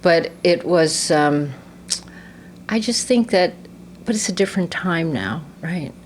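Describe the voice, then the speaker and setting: A woman in her sixties tells her stories with animated energy, laughing often and acting out the voices of people she quotes. Her voice sits a little low. A faint noise runs under the recording. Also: slow pace. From United States. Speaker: interview guest, actress. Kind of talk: casual interview conversation.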